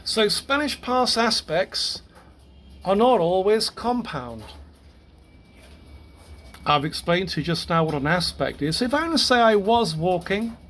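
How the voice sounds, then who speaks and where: Male language teacher, unhurried classroom delivery, stumbles and restarts, voice a bit higher than most men. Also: expressive, fairly bright tone, a little hiss or hum. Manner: halting, repeats words and self-corrects. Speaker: Spanish grammar teacher. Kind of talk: classroom grammar lesson.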